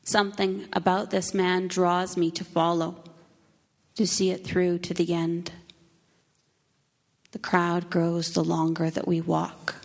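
A woman performs a dramatic first-person Easter monologue, her delivery unhurried and solemn. Her voice sits on the lower side, and long reverb from a church hall trails each phrase. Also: level tone, gravelly. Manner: slow, solemn, emotive storytelling.

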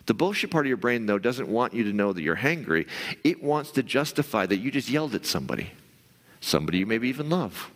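A male pastor giving a conversational sermon, now and then acting out the voice in your head in a higher, pushier tone. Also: very animated, fast talker, fairly bright tone, big-room sound. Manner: conversational, acts out inner voices in a raised pitch.

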